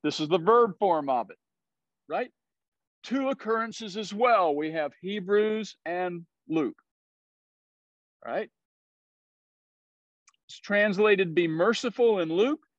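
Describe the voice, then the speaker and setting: A man's voice: high-pitched, takes it slowly, pauses often, no room sound, dull audio. A man with a Southern US accent teaching a Bible study, explaining words and often checking in with "right?".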